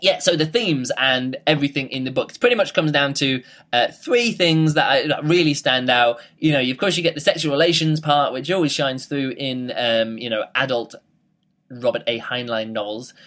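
A man's voice: medium pitch, normal speed, a bit bright. A man giving a casual spoken book review, rambling with many fillers and restarts.

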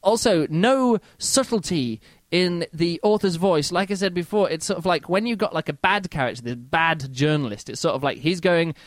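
A man with a fairly high voice hosts a podcast, casually reviewing a book at a normal pace with no room sound. He sounds exasperated and mocking, stays animated, and reads quotes aloud.

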